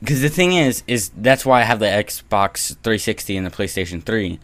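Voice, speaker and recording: A young man hosting a gaming podcast, quick to laugh and steering the talk. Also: fairly low pitch, expressive, fairly bright tone, dry recording. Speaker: podcast host. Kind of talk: casual chat.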